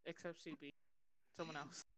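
Woman, podcast co-host, casual chat, low voice, repeats herself. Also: level tone, normal speed, fairly bright tone. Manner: asks questions, repeats herself. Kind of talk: casual chat among friends.

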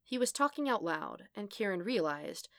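Working as a podfic reader, a woman narrates a scripted story in a steady, even storytelling manner. Her mid-range voice moves at normal speed, captured with clean studio sound and no echo.

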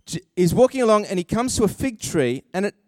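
Animated high-voiced pastor. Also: male voice, brisk, no room sound. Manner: animated, acts out quoted voices, self-deprecating asides. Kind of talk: sermon.

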